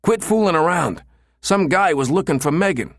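A man voicing a young male punk who talks high and panicky, stammering in fear. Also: expressive, extremely slow, creaky, a bit bright, no echo, clean studio sound, exaggerated voice. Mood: alarmed.

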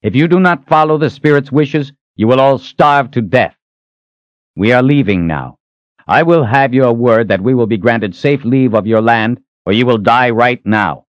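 A man voicing a defiant young male hero who wields magic, speaking forcefully and with measured threats. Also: mid-range voice, no room sound, lo-fi sound, voice pushed up, natural voice. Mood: commanding.

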